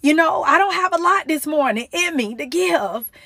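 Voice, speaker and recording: Emotional high-voiced young woman preaching. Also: expressive, normal speed, bright, forceful tone, dry recording, studio quality. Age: young adult. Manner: emotional, earnest, pleading. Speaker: motivational Christian speaker. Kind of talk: casual devotional talk.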